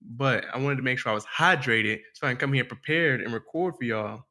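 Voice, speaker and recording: Spinning a laid-back story, this podcast co-host chats casually and leans heavily on slang. His medium-pitched voice is bright and forceful, and he talks a little fast.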